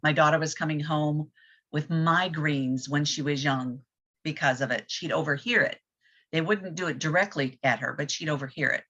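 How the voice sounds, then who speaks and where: A woman's voice: low voice, normal speed, fairly bright tone. A woman in a casual group chat, speaking candidly and reflectively in plain words. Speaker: group discussion participant. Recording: dull lo-fi audio.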